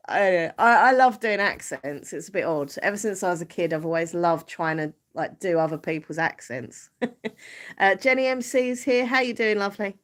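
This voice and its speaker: A woman's voice: mid-range voice, moderate pace. Chatty Essex woman on a live stream. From Southend-on-Sea, Essex, England. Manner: chatty, giggly, self-deprecating. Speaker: YouTuber hosting a live stream. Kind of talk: casual live-stream chat.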